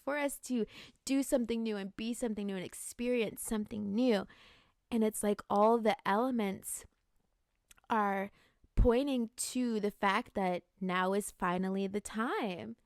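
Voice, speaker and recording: A woman's voice: mid-range voice, dry recording, clean studio sound. A woman in her late twenties hosting a podcast, talking in an earnest, musing way about growth and intentions, with many "like"s. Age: 20s. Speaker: podcast host. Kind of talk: reflective spiritual talk.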